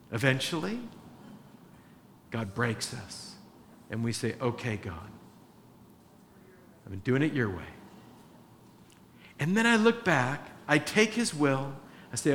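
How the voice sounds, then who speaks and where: A man preaching a sermon to his church, impassioned, swinging between hushed confession and loud emphasis. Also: on the high side. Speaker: pastor. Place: church sanctuary. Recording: church hall reverb with faint room noise.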